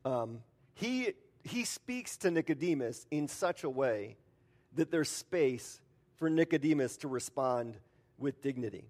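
A man preaching in a relaxed, conversational way, with many fillers and acted-out quotes. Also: medium pitch, unhurried. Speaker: pastor. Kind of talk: sermon.

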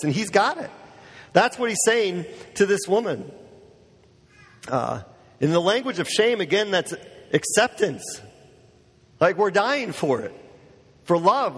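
Casual husky-voiced male preacher, echoing hall. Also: high-pitched, a bit bright. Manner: casual, conversational preaching with many fillers. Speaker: pastor. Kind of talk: sermon. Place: church. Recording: long church hall reverb.

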